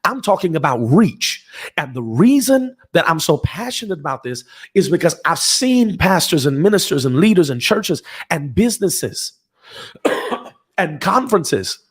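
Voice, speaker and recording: A man's voice: fairly high pitch, big pitch swings, a little slow, husky. A man preaching from his home office on a livestream, fervent and emphatic, repeating phrases and calling out to his listeners. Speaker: pastor.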